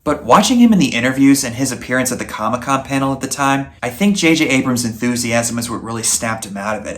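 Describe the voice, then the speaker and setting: A man's voice: mid-range voice, fairly bright tone. Enthusiastic male movie reviewer. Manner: enthusiastic, earnest, conversational. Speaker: movie reviewer, channel host. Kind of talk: scripted review voice-over.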